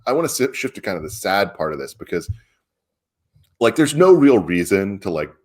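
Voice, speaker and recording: A man's voice: deep voice, sing-song, normal speed, a little mellow. A man co-hosting a casual political chat, talking emphatically with incredulous, chuckling asides. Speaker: publisher and co-host.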